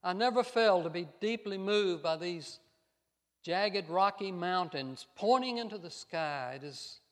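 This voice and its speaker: An older man preaching a sermon as pastor, telling stories with emphatic rises and soft trailing endings, in a church sanctuary. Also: high-pitched, lively intonation, a little slow. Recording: long reverb of a church hall.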